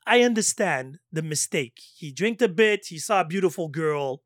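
A middle-aged man in casual chat, telling an animated story, laughing often and swearing freely. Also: fairly high pitch, moderate pace, few pauses, no room sound, clean studio sound. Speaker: storytelling guest.

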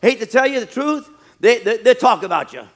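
A male pastor preaching a sermon, animated, often acting out quoted churchgoers. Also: very high voice, brisk.

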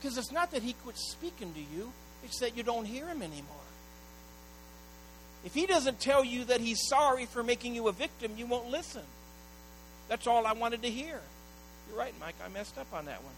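High, bright-voiced man preaching. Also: expressive, moderate pace, slight background noise, low-quality recording. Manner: swings from hushed storytelling to loud urgent appeals. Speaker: pastor. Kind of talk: sermon.

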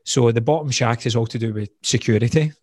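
Husky-voiced man telling his story. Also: mid-range voice, fast talker, a little mellow, no room sound, clean studio sound. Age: 30s. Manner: earnest and open, frequent "like" fillers. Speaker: guest, health coach. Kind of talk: candid storytelling in conversation.

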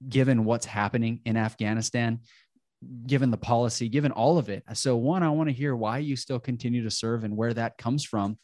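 A man's voice: medium pitch, darkish tone, no room sound, clean studio sound. A man hosting a podcast, talkative and affirming as he responds to his guest and asks questions. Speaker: podcast host. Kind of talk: casual interview conversation.

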